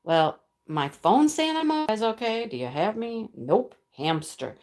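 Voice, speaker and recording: A woman's voice: a little high, big pitch swings, a little slow, darkish tone. A woman hosting a casual live stream, chatting, laughing often and reading out viewer comments. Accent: American. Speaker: livestream host. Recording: roomy echo.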